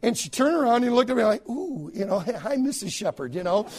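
A man's voice: extremely high pitch, lively intonation, brisk. American pastor guy preaching a story, voice swoops up and down a lot, keeps restarting his words. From United States.

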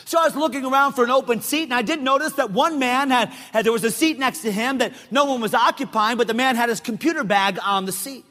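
A middle-aged male pastor preaching a sermon, emphatic, often shouting and repeating phrases for effect. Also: extremely high pitch, quick pace, few pauses. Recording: long reverb of a large hall.

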